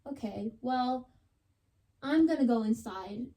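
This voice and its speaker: A woman's voice: on the high side, lively intonation, slow, a crowd in the background. A young woman on a podcast, chatting casually and dramatically retelling a story, with lots of "like.". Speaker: podcast co-host.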